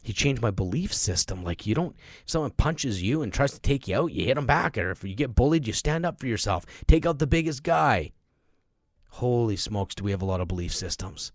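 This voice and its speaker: A man's voice: medium pitch, very animated, fairly quick, dry recording, studio quality. A middle-aged man hosting a podcast, speaking emphatically in a motivational monologue and acting out the voices of people he quotes. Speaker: podcast host.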